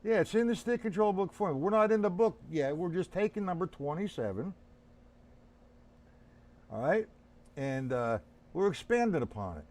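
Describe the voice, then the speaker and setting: Older male drum teacher on a live stream: chatty, instructive, fairly high voice with lots of pitch movement. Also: expressive, normal speed, pauses often, a little mellow. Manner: chatty, instructive, addresses viewers by name.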